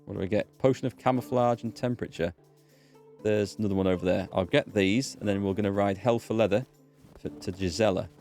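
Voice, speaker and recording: Low-voiced North Yorkshire man streaming a game. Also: brisk, a little mellow, soft background music. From North Yorkshire, England. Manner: chatty, answering viewers' chat between game actions. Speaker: let's play streamer. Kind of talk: live-stream gameplay commentary.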